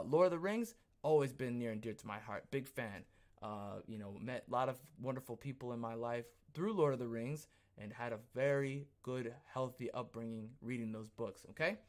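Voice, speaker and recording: A man hosting his own podcast, talking in a casual, rambling rant that swings between quiet asides and loud, emphatic bursts. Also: mid-range voice. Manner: repeats himself, rambling restarts. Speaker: podcast host. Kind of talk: casual ranting commentary.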